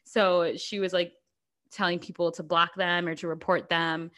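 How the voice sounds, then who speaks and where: Animated woman in casual chat. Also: lowish voice, moderate pace. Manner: animated, exclaims in disbelief. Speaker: podcast co-host.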